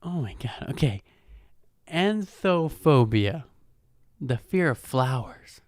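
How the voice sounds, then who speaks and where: Foul-mouthed podcast guy cracking jokes, voice bouncing all over, unhurried. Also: mid-range voice, sing-song, no room sound, clean studio sound. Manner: mocking and profane, laughs at his own jokes. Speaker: podcast host. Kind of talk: casual comedic monologue. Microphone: podcast microphone.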